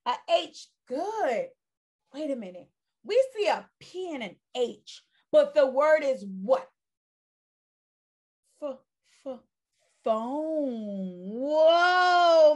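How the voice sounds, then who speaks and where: Slow, high-voiced phonics teacher. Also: female voice. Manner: slow, sing-song, drawn-out sounds, encouraging. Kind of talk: phonics lesson for young children.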